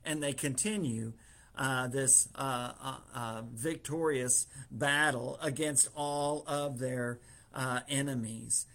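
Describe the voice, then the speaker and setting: A man's voice: mid-range voice, steady tone, takes it slowly, vocal fry, fairly bright tone. A man preaching in a casual way, retelling a story through quoted dialogue with fillers and small chuckles.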